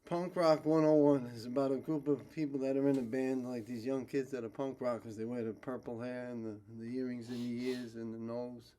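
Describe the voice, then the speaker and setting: A blunt, streetwise man, sitting in as a guest on a casual podcast. He talks plainly and swears without a second thought, at a middle pitch for a man. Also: level tone, brisk, hardly any pauses, dark tone, slight background noise. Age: 40s. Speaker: guest actor.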